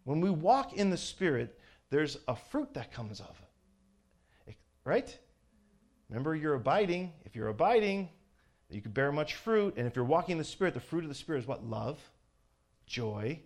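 A man's voice: a little high, very animated, moderate pace. Man preaching an informal sermon. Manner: conversational, asks the listeners questions; builds to loud fervent exhortation.

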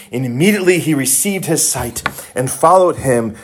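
A man preaching a sermon, reading scripture and building from quiet, low passages to high, shouted cries. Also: lively intonation, normal speed, few pauses.

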